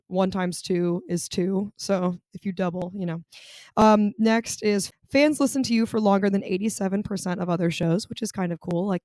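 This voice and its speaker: A young adult woman hosting her own podcast, chatting casually and gossiping with lively jumps in pitch. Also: dry recording, studio quality. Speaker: podcast host. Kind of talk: casual solo podcast chat.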